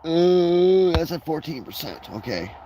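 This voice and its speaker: A man's voice: on the high side, big pitch swings, a little slow, dark tone, muffled recording, a little hiss or hum. A man chatting on a casual live stream from his backyard, rambling and swearing freely as he drifts between topics. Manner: rambling, profane, digressive. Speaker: livestreamer.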